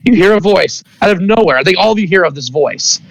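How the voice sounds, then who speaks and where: A man narrates a tabletop game as its game master, his voice sitting high with a gravelly rasp. He rambles and restarts as he describes the scene. The sound is dry and close. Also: expressive, fast talker, no echo, low-quality recording. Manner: rambling, many fillers and restarts.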